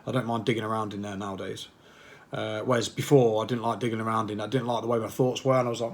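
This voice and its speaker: A man's voice: on the low side, level tone, fast talker, a little hiss or hum. Male fitness coach, casual vlog chat, fired up and waffly. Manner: passionate, rambling, fires off repeated questions. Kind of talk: casual motivational talk to camera.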